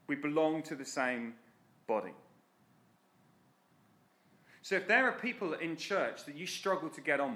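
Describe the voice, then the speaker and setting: A man's voice: fairly high pitch, pushed and bright. A man preaching a sermon in an earnest, direct, exhorting way.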